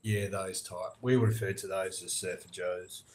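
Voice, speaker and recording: A man's voice: sits low, fairly even intonation, a little slow, darkish tone. An Australian man hosting a casual podcast chat, ranting with heavy swearing. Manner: profane, ranting.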